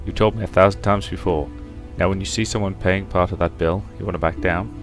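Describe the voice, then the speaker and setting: Deep-voiced man reading a game aloud. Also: steady tone, fairly quick, soft background music. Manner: reads all characters' lines with shifting pitch and loudness. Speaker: game let's-player. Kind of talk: reading a visual novel aloud, voicing characters.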